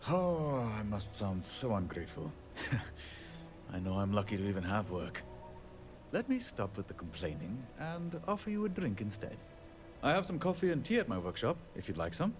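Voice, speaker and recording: Voicing a weary, self-deprecating handyman in a video game, this man speaks in a lowish voice at a moderate pace, very animated. He's chatty and apologetic with light laughs, his mood rueful, while game music plays behind.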